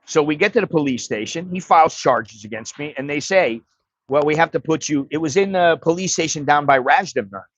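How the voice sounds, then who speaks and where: A man's voice: fairly high pitch, expressive, fairly quick, few pauses, dry recording, dull audio. A man hosting a livestream, telling a story in a blunt, profane, casual way. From United States. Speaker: livestream host.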